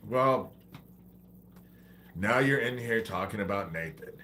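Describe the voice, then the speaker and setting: Low-voiced man ranting with a cold. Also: expressive, takes it slowly, pushed and bright, a little hiss or hum. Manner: profane, exasperated, preachy. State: has a head cold. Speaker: livestream host. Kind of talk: ranting livestream monologue.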